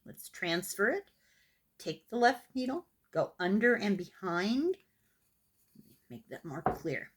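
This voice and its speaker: Slow, gentle older Irish woman. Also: mid-range voice, very animated, noisy background. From Ireland. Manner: gentle, patient, self-deprecating. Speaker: knitting teacher. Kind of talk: step-by-step craft tutorial.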